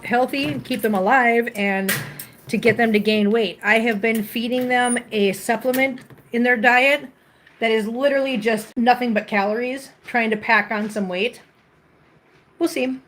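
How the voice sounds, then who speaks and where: A woman's voice: steady tone, normal speed, fairly bright tone. A woman chatting casually on a live stream from her home full of cats, rambling a little, with restarts. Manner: switches to a high cooing baby voice for the cats. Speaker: cat rescuer hosting a live stream.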